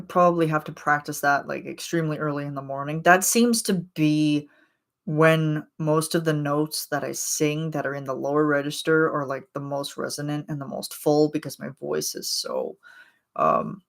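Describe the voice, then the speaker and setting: A woman's voice: sits low, vocal fry, a bit bright. A woman in her late twenties, chatting casually with viewers on a livestream in a rambling, chatty way, with plenty of fillers and laughs. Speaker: livestream host.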